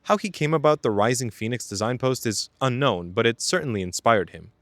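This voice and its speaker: A man's voice: mid-range voice, animated, a little fast, fairly bright tone, no echo. A young man narrating a scripted video essay as its host, mixing storytelling with wry, casual joking asides. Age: young adult.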